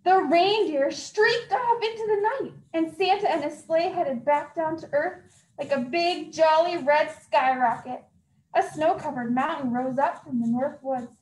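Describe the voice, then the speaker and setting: A woman librarian reading a story aloud at a children's story time, very expressive and acting out sound effects. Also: high voice, unhurried. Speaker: youth services librarian. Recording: echoey room.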